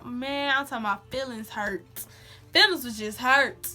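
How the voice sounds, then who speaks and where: A woman's voice: a little high, moderate pace, soft background music. A young woman telling a personal story in a casual, slangy vlog, acting out quotes. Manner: animated, slangy, acts out quotes. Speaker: vlogger.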